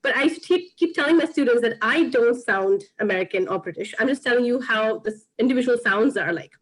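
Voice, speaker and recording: Indian-accented woman, higher voice. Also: expressive, quick pace, rough recording. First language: Urdu. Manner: articulate and frank, quotes others. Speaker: podcaster guest, former English lecturer. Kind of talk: casual video-call chat.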